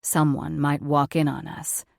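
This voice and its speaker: A woman reading a romance audiobook, voicing a powerful wealthy man in a lower, hoarse, throaty and shaky voice. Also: little pitch movement, a little slow, a little mellow, no room sound, studio quality. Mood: husky, strained. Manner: shaky, breathless delivery. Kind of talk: audiobook character voice.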